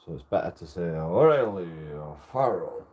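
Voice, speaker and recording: A man's voice: low-pitched, very animated, moderate pace, a little mellow, slight background noise. A man chatting casually with his live stream viewers, swearing freely and chuckling often.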